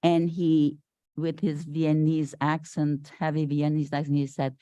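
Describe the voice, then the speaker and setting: An older woman from Syria speaks as a guest at a Sunday service, her low voice unhurried. She tells her story with animation and acts out the people she quotes. The sound is close and dry. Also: flat delivery, warm tone, no room sound. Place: spiritual center meeting hall.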